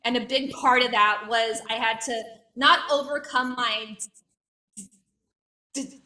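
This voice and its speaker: A woman in her late thirties performs a stand-up comedy set with a stutter, repeating and blocking on sounds. Her delivery is wry and self-mocking. Her voice is high and bright, picked up from a distance. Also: fairly even intonation, unhurried.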